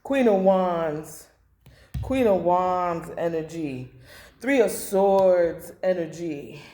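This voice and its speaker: A woman's voice: fairly low pitch, drawn-out words, dark tone. A woman doing a blunt, emotional tarot reading to camera, repeating phrases and swearing. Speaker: tarot reader. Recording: echoey room.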